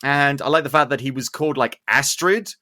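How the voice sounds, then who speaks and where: A man's voice: medium pitch, brisk. Man hosting a casual film-review podcast. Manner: animated, sarcastic asides. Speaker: podcast host.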